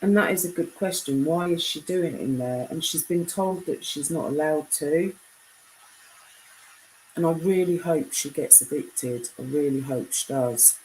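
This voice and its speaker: A young British woman chatting casually on a live stream, reading out viewer comments; her voice is deep enough to be mistaken for a man's. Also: measured pace, darkish tone, a little hiss or hum, rough recording. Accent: British English. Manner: chatty, reads comments aloud.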